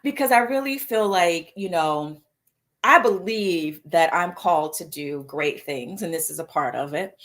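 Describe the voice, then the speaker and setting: A woman hosting a live mindfulness show, talking casually and playfully, reading viewer comments aloud and laughing easily between reflective stretches. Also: fairly low pitch. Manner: playful and animated, reads viewer comments aloud, frequent "right?" and "y'all"; laughs easily and slips into exaggerated voices for asides. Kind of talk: casual live-stream talk about setting an intention.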